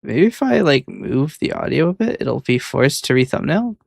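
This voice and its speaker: Male streamer, gravelly low-key muttering, dry booth sound, casual and slightly exasperated. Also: big pitch swings, moderate pace, no room sound. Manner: muttering commentary to himself, mildly exasperated. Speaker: VTuber editing his own clips. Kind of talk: casual talk while video editing.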